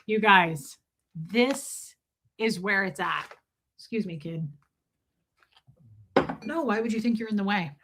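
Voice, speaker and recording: A woman in her forties with a bright, forceful tone, chatting on a live stream. She rambles through candid stories and drops into quick impressions of other people. Her pitch sits in the middle for a woman. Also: a little hiss or hum. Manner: candid, rambling storyteller, does voices of people. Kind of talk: casual live-stream chat.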